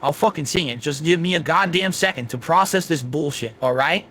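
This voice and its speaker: A man's voice: a little high, fairly quick, a bit bright, dry recording. A man's AI voice playing a rude, foul-mouthed male chatbot with a Southern US accent who insults the streamer. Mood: grumpy. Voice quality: crude, insulting, grumpy. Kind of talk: AI voice chatbot replies.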